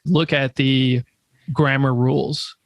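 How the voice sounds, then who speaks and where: A man's voice: mid-range voice, flat delivery, slow, no echo. A man from the United States interviewing a guest in a casual chat, talking reflectively and a bit hesitantly as he asks his questions.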